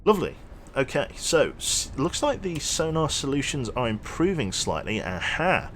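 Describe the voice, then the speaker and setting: A young man casually commentating his gameplay on a livestream, chatty and quick to launch into an animated story. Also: mid-range voice, a little hiss or hum. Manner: chatty, animated storyteller who thanks subscribers. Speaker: streamer.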